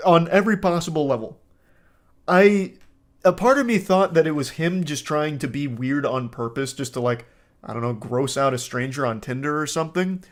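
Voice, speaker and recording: Man, reaction commentary, crude and incredulous, slightly high voice. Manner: incredulous, crude, exaggerated outbursts. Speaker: commentary host. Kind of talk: reaction commentary reading texts aloud.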